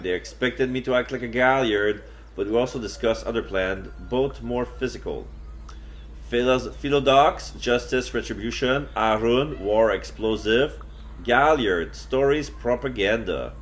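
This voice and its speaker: Playing a roleplay game alone on stream, a man tells the story in first person, then breaks off into thrilled bursts of swearing. He has a fairly low voice, and there's some slight hiss or hum in the background.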